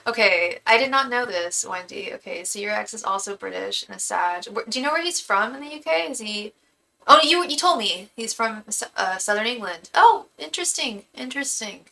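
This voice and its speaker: A woman's voice: medium pitch, expressive, moderate pace, creaky, bright, forceful tone. A woman in her thirties giving a live-streamed tarot reading, chatty and full of ums, calling viewers girl. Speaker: tarot reader and psychic. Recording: distant mic with faint background noise.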